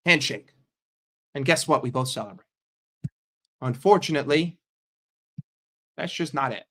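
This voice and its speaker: A man's voice: on the high side, lively intonation, measured pace, fairly bright tone. An American man in a sarcastic, combative rant on a fan stream, swearing often. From United States. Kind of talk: ranting live stream.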